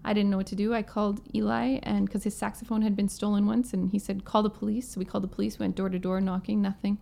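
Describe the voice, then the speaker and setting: Woman telling a story, a bit of vocal fry. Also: mid-range voice, fast. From Manitoba, Canada. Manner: animated storyteller, acts out quotes in her own voice. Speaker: guest musician, violinist and singer. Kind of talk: storytelling in a casual interview.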